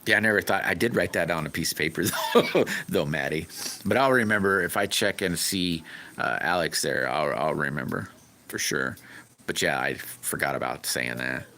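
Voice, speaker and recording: A man's voice: very deep voice, lively intonation, moderate pace, pushed and bright, a little hiss or hum. A man hosting a casual livestream, rambling in a folksy way and griping while he reads viewer comments. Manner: rambling, folksy, griping about car repairs. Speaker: livestream host.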